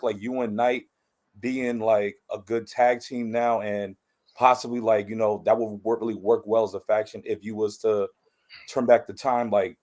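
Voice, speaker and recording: A man co-hosting a podcast, chatting casually in an excitable, playful way with sudden bursts of emphasis. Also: mid-range voice. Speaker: podcast co-host. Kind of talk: casual interview chat.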